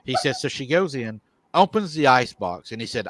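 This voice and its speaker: A man's voice: mid-range voice, sing-song, a little fast, fairly bright tone, dry recording. A man hosting a live show, retelling a viewer's encounter and quoting him at length. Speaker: host.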